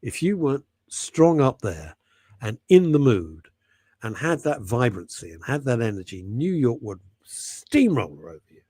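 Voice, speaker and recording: A man's voice: mid-range voice, big pitch swings, moderate pace, warm tone, slightly rough, no echo. A middle-aged man hosting a radio show, chatting and telling stories in a jokey, rambling way. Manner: chatty, jokey storytelling, reading out listener messages. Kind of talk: casual radio chat.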